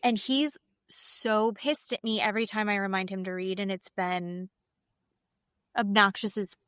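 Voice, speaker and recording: A woman's voice: medium pitch, steady tone, unhurried, a bit bright, clean tone, dry recording. A middle-aged woman co-hosting a podcast, chatting casually and saying "like" a lot. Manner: chatty, uses "like" often. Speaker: podcast co-host. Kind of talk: casual chat.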